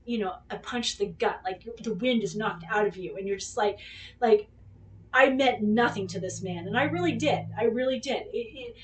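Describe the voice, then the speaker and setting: A woman's voice: mid-range voice, moderate pace, recorded from a distance, a little hiss or hum. A woman hosting a podcast who tells a personal story in casual chat, rambling and candid, swearing freely and acting out what people said. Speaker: podcast host.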